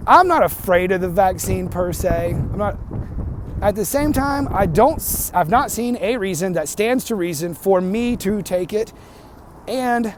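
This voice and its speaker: A man with a fairly high voice rants to the camera, heated and profane. He circles back and repeats himself as he builds his case. It sounds like an unscripted personal vlog. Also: a little hiss or hum. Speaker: vlogger. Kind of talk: angry rant to camera.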